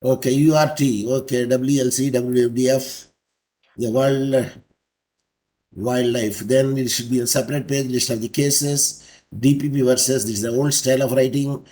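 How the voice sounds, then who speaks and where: A man teaching an online law class, explaining slowly and spelling out letters one by one. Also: mid-range voice, steady tone, warm tone. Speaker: law lecturer. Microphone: video call.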